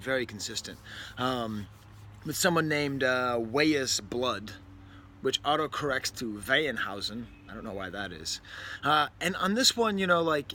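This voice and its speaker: A man from New England with a medium-pitched, bright and forceful voice casually reviews records, rambling wryly and frequently interrupting himself with asides. Indoors by a window, a bird outside, the recording carries faint background noise.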